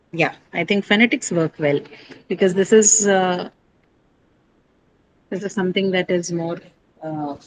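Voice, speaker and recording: A woman's voice: on the low side, slight background noise, poor audio. A woman teaching a class on English word stress, explaining patiently with many fillers and frequent checks like "right?".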